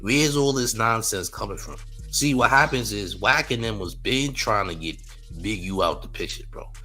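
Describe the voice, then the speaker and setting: With a lowish, expressive voice that sounds pushed and bright, this man hosts a commentary show at a moderate pace while faint music plays underneath. He can't quite believe what he's seeing, so he repeats phrases and laughs a lot between remarks.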